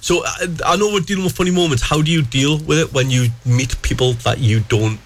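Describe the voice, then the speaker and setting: A man, hosting a local radio show and telling funny stories in animated casual chat. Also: a little high, fairly quick, a little hiss or hum. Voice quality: chatty, animated storyteller. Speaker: radio host.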